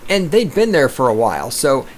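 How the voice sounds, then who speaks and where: A man hosting a podcast, delivering a profane, combative rant that swings into loud outbursts. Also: mid-range voice, very animated, normal speed, a little hiss or hum. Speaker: podcast host. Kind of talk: profane ranting monologue.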